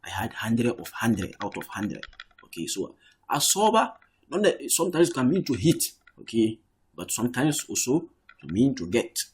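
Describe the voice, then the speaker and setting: Um professor de árabe numa aula online, que explica com paciência, repete as palavras e diz "okay" com frequência. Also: male voice, mid-range voice, big pitch swings, normal speed, breathy edge. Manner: explains patiently, repeats words, says "okay" often. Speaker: Arabic teacher. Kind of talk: online language lesson.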